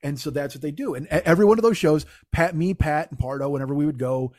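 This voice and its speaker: A fairly high-voiced man spins rambling, profane anecdotes in casual podcast chat, jumping into shouted impressions of other people. The sound is dry and close, with no room around it. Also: fast talker, no echo. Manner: profane, animated storyteller who mimics people. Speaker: podcast co-host.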